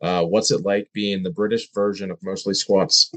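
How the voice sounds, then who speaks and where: A man with a fairly low voice hosts a casual podcast. He talks loosely, swears freely and asks his guest questions in an easygoing way. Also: flat delivery, moderate pace, fairly bright tone, poor audio. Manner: loose, profane banter. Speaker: podcast host. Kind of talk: casual chat.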